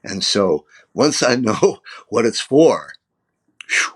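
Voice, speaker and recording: A man's voice: lowish voice, big pitch swings, slow, slightly rough. An older male actor being interviewed, telling emotional anecdotes and acting out quoted lines. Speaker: actor guest. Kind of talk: conversational interview storytelling.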